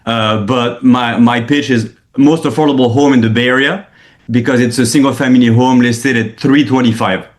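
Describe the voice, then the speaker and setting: A mid-pitched man describes his work to a group over a video call. He talks in a halting way, restarting phrases and filling gaps. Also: fairly even intonation. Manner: halting, many restarts and fillers. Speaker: real estate agent.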